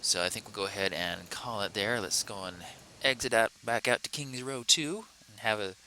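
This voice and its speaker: A man's voice: on the low side, normal speed, bright, forceful tone, a little hiss or hum, rough recording. A man hosting a let's play, chatting casually through the gameplay in a rambling, self-correcting, playful way.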